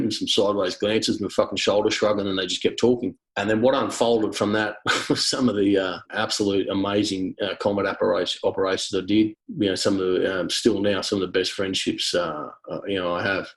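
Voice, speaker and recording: A man's voice: sits low, level tone, a little fast, rough recording. An Australian man, a special forces veteran, telling combat stories in a blunt, matter-of-fact way with some swearing. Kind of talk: casual storytelling interview.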